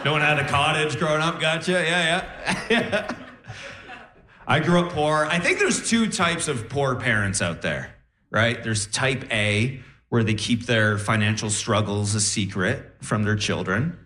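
A young man doing a stand-up set, animated and laughing through his punchlines. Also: mid-range voice, measured pace, roomy sound. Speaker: stand-up comedian. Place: comedy stage.

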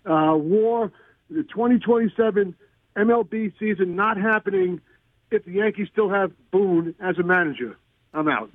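An older man calls a sports radio show to vent in exasperation. His high, husky voice arrives dry and tinny over a phone line. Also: animated, moderate pace, no room sound. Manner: exasperated ranting. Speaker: caller.

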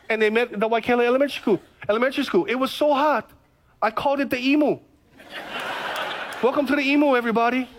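A middle-aged man, a pastor telling a story in a sermon, animated and given to repeating himself. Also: very high voice, a little hiss or hum. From Hawaii's Big Island. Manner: animated, repeats phrases, stammers into restarts.

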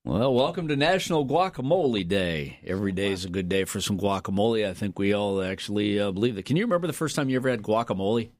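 A man hosting a morning radio show, chatting and telling stories in a playful, animated way. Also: fairly low pitch, fast talker, few pauses, no room sound. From American Midwest. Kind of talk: casual morning radio banter.

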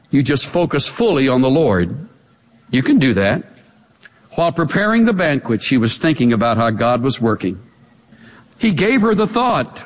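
A man preaching a sermon as pastor, with animated delivery and sudden swings in pitch. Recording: long hall reverb.

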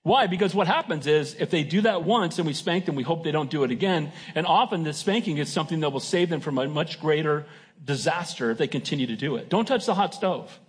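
Husky-voiced male preacher. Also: on the high side, quick pace. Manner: emphatic, keeps asking the congregation "Amen?"; folksy and joking. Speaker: pastor. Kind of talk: sermon.

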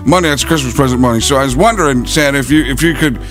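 A man's voice: medium pitch, very fast, fairly bright tone, faint music behind, close to an everyday voice. A comedian doing an impression of a famous football announcer, an older man who stammers, repeats himself and rambles through restarts. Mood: rambling.

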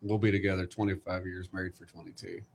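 A man in his forties hosts a faith-centered conversation. His voice is low and fairly level, and he talks in an earnest, preacherly way. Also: level tone, fast talker, vocal fry, husky. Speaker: host.

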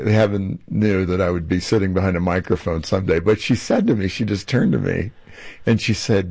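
A man hosting a talk show, telling stories in an animated way and laughing easily. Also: sits low, moderate pace, vocal fry, slightly rough. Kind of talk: casual interview chat.

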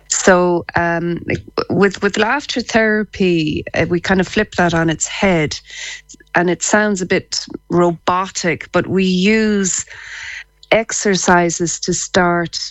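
Chatty woman, low voice, dry studio. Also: steady tone, dry recording, rough recording. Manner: chatty, quick restarts, easy laughs. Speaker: guest psychotherapist and laughter therapist. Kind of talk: radio interview chat.

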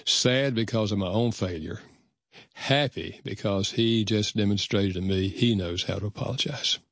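An older man with a low voice shares stories from his own life, speaking earnestly and at a measured pace. He often slips into remembered dialogue. The recording is dry and close, with no room sound. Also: dry recording. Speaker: guest author. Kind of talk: reflective storytelling in conversation.

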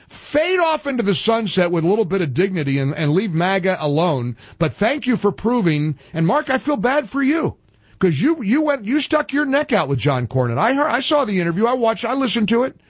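Animated husky-voiced talk radio host man. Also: high voice, no echo. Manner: animated, rapid-fire, with frequent restarts. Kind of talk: opinionated talk radio banter.

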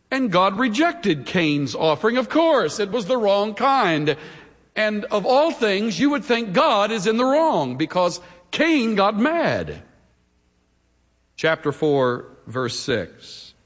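A man preaching a sermon as pastor, with dramatic pauses that build to emphatic peaks. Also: high voice, fairly bright tone, big-room sound.

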